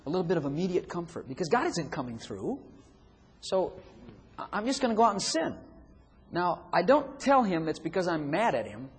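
A man's voice: high voice, very animated, brisk. A man preaching a sermon who acts out inner voices and chuckles often. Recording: long hall reverb, faint room noise.

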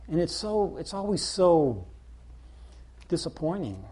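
Middle-aged male preacher, low-key and rambling, mellow husky tone. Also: very animated, a little slow. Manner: rambling, conversational, self-deprecating. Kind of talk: informal sermon.

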